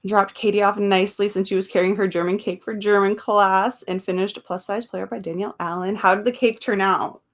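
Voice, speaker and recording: Fairly quick with hardly any pauses, this woman's mid-range voice keeps a steady tone. She hosts a laid-back livestream, reading viewer comments out loud, chatting in between, laughing often and going off on asides.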